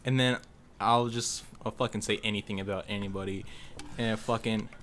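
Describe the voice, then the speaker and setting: A young man in a casual podcast chat, talking haltingly with stammered restarts and swearing. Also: lowish voice, fairly even intonation, a bit bright, slight background noise. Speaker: podcast guest.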